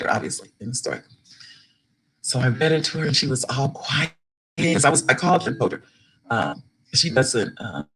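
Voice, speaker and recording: An older woman, a grandmother, telling a story to an audience about writing her first children's book, animated and rising with excitement. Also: a bass voice, slight background noise, rough recording. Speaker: guest speaker, children's book author.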